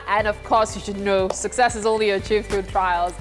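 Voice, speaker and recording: A woman co-hosts a live morning show in a brisk presenter's voice. She teases her partner between segments, and faint music plays behind her. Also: medium pitch, fairly even intonation. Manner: playful, teasing, brisk presenter delivery. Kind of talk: live breakfast TV banter.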